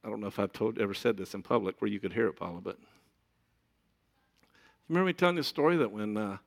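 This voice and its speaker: Gravelly middle-aged preacher. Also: male voice, fairly low pitch, brisk. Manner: conversational, joking asides to the congregation. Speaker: pastor. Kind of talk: sermon.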